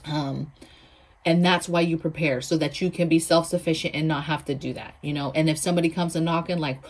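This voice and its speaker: A woman talks straight to her viewers about preparing, pressing each point and circling back to repeat it. Her voice sits a little low for a woman. She drops into mocking asides now and then. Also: steady tone, a little fast. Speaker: prepping channel host. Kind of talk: casual talk to camera.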